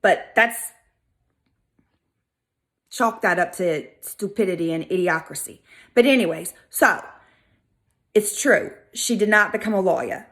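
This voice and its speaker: A woman with a Southern US accent hosting a video, telling a history story in a casual, animated, sassy way. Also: mid-range voice, measured pace, pauses often. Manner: animated, chatty, sassy asides. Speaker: video host.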